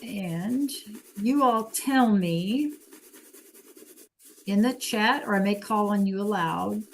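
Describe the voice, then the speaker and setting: Slow-talking teacher on a video call. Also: female voice, mid-range voice, a little hiss or hum. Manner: encouraging, asks students to answer in chat. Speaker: Spanish teacher. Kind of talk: online class teaching.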